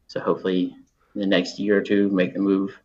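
A man, a high school teacher, speaking as a guest in a relaxed, plain way. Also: fairly quick, dull audio. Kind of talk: casual interview talk.

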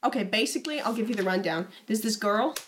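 A woman's voice: mid-range voice, lively intonation, fast, a little hiss or hum. A young woman co-hosting a casual chat, reading old diary entries aloud in a playful, teasing way.

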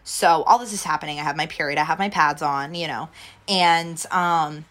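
A woman's voice: low voice, fairly even intonation, moderate pace, fairly bright tone. A young woman telling a personal story in casual chat, rambling and saying "like" over and over. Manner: rambling, heavy use of "like" fillers, restarts.

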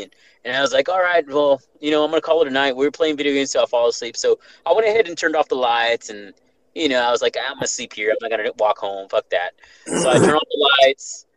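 Brief: young male podcast host, casual profane storyteller, mid pitch. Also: rough recording. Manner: profane, animated, restarts often.

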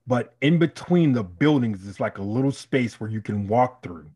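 A married man from Chicago telling a story in a casual podcast chat, animated and profane, acting out the people in it. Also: mid-range voice, normal speed, husky. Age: adult, married. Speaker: podcast co-host.

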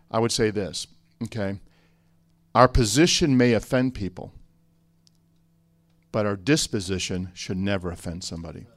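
A low-voiced man from the Chicago area, speaking as a pastor on a church conference panel. He tells stories at an easy pace and drops in joking asides. The sound is close and dry, with no room echo. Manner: relaxed storyteller, joking asides.

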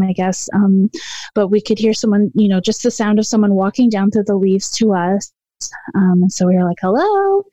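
A woman tells a childhood ghost story in a hesitant, meandering way, stopping often for ums and restarts. Her voice is mellow and soft-edged. The sound is dry, with no room around it. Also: medium pitch, dry recording, dull audio. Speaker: caller sharing a ghost story. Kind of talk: casual storytelling.

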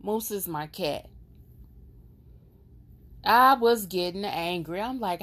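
Slow, emotional woman telling a story. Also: medium pitch. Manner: emotional, expressive, drawn-out storytelling; casual, conversational. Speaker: podcast host. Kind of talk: personal storytelling monologue.

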